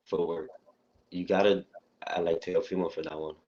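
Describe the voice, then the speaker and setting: A young man with a very low, deep voice talks over a dull, muffled phone line. He speaks in a laid-back way and often repeats his words while he gathers his thoughts. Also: little pitch movement, normal speed, a little mellow. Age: young adult. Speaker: boxer, interview guest. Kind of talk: casual call-in interview. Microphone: phone on a call. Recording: dull phone-call audio.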